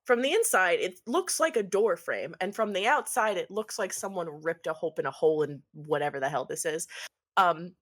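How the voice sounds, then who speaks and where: A woman's voice: lowish voice, lively intonation, normal speed, fairly bright tone. Casual woman game master narrating. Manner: casual, full of ums and swearing.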